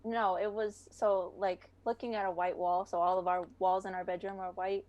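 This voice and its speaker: A woman's voice: mid-range voice, little pitch movement, normal speed, over a noisy crowd. A young woman talking as a podcast guest in a casual chat, chatty with many fillers and frequent laughter.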